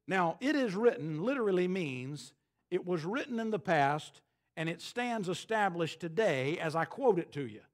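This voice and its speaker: High-voiced preaching man. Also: lively intonation. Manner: emphatic, preaching with dramatic pauses and quoted scripture. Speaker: pastor. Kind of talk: sermon.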